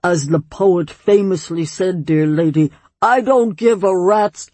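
A woman's voice: lowish voice, measured pace, darkish tone, dry recording. A woman voicing an ancient male swamp monster who speaks mildly and grandly in a storybook reading. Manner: mild, grandly pompous.

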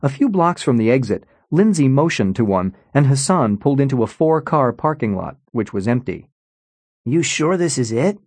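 A man narrating an audiobook in an expressive storytelling manner, on a close studio mic. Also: mid-range voice, normal speed, few pauses, dry recording. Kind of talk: scripted narration.

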